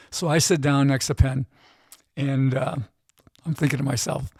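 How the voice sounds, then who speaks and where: A middle-aged man, a gambling expert guest, telling an animated story in casual interview chat and often tagging his lines with "right?". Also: on the high side, fairly quick, vocal fry, no room sound, studio quality.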